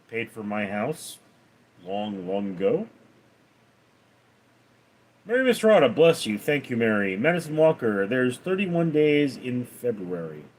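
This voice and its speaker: A male livestreamer works through his chat in a casual Q&A, reading donors' names and questions aloud with lively volume. His replies, by contrast, are flat and low.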